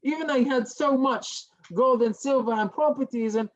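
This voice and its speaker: A male rabbi giving a Torah lesson as a story, lively and dropping to a hush for the dramatic parts. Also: very high-pitched, moderate pace, few pauses, lo-fi sound. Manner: animated storyteller who drops to a hushed tone for dramatic parts.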